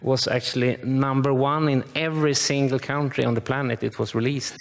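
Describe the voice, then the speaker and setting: A man's voice: mid-range voice, fairly even intonation, fairly quick, gravelly, long reverb tail, very noisy. A man acting as both interviewer and DJ, chatty, often repeating words as he starts a sentence. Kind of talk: stage interview.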